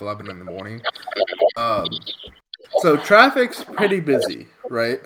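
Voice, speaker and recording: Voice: mid-range voice, noisy background. A podcast co-host telling a road story casually, profane and exasperated.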